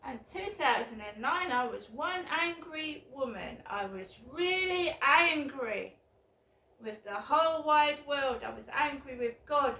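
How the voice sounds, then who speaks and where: Angry woman vlogger, high voice, slow bitter delivery, roomy echo. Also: expressive. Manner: bitter, swearing, shouting outbursts. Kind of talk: angry ranting vlog. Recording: roomy echo, mic at a distance.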